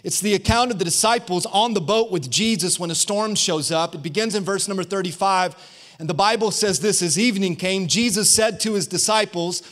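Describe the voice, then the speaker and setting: Man preaching, high voice, fervent, call-outs to the church, guest pastor. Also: a bit bright. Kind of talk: energetic online sermon.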